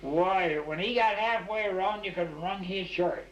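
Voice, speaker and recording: An older man's high-pitched, a-bit-bright voice moves at a measured pace as he spins meandering, folksy stories in an oral history interview, restarting often and saying "you know." The 1989 tape sounds echoey and dull, with a little hiss or hum.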